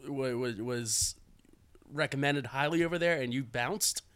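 Casting: male co-host, bright tense voice, repeats words, needles the guest. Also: medium pitch, a little slow, smooth. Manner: stammering, teasing. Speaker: podcast co-host. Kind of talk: casual podcast chat.

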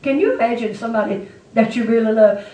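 A woman's voice: on the high side, animated, quick pace, warm tone. A woman preaching a testimony sermon to her church with an emphatic, repetitive delivery. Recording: echoey room, mic far off.

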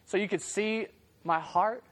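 A man's voice: sits high, unhurried. A young man preaching to a youth group in a casual storytelling way, laughing often and acting out the people in his story. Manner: animated, laughing, acts out the voices in his story.

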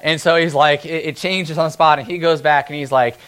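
A male pastor giving a conversational sermon, easygoing and chatty. He often breaks into brief acted-out voices to make a point. His voice sits a little higher than most men's. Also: steady tone, fairly bright tone, clean tone. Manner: conversational, acts out characters in quick asides.

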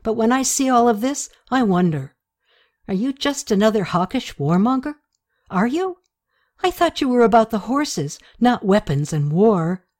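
A woman's voice: on the high side, very animated, moderate pace, darkish tone. A woman reading a defiant young goddess. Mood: indignant. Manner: blunt and defiant.

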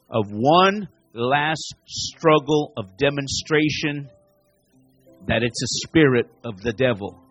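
A pastor delivering a sermon and altar call, repeating phrases and rising to near-shouts as he preaches. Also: medium pitch, animated, takes it slowly, lo-fi sound, faint music behind.

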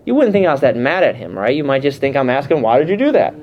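A man teaching a Bible class in an animated, conversational way, often putting questions to his listeners. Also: medium pitch, fast. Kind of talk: teaching sermon. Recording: muffled lo-fi sound.

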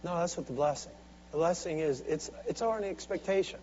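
A male preacher delivering a sermon, calling on the congregation to answer back. He drops to near-murmurs, then builds to loud, driving exhortation in a fairly high voice. The recording sounds dull and lo-fi, with a faint hum underneath. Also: fast talker. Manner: swings from soft, intimate asides to loud, driving exhortation. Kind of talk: sermon with call-and-response.

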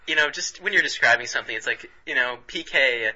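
A man rambles through casual comedic banter, laughing often and restarting his sentences. His voice is forceful and slightly husky. The recording sounds dull and lo-fi. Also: mid-range voice, fast. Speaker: podcast co-host.

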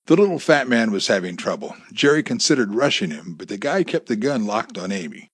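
Male audiobook narrator, low husky voice, lively delivery, dry close studio sound. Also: a little fast, hardly any pauses, dry recording.

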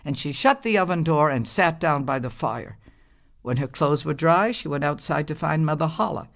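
A woman tells a folktale aloud in a measured, expressive storybook style. Her voice sits on the low side for a woman. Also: creaky. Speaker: narrator. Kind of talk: storybook narration.

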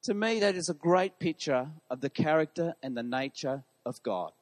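A man's voice: a little high, animated, normal speed, a little mellow. A man preaching a sermon to his congregation, putting questions to the listeners. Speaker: pastor. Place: church hall. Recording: long reverb of a large hall.

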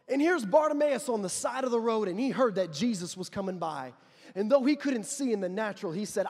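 A male pastor with a very high voice preaches with passion, stacking up repeated declarations and driving them home. His words ring out with a long reverb from a large church hall. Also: animated, brisk. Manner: impassioned, builds to loud declarations with repeated phrases. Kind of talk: sermon.

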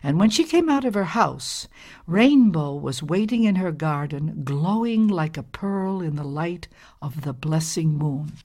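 A woman reading a storybook aloud in a calm, gentle, measured way. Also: low-pitched.

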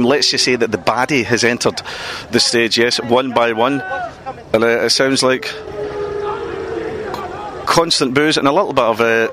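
A man's voice: mid-range voice, sharp tone, a little hiss or hum. A man hosting a street podcast, bantering and teasing people outside a stadium. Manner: joking, teasing, quick banter. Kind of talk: roving street interviews. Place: outdoors on a busy street by a stadium.

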